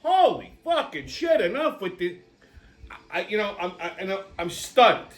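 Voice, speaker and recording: A man's voice: high voice, very animated, measured pace. A middle-aged man, hosting a show and telling a rambling, blunt story full of swearing and fillers. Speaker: show host. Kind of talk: casual rambling monologue.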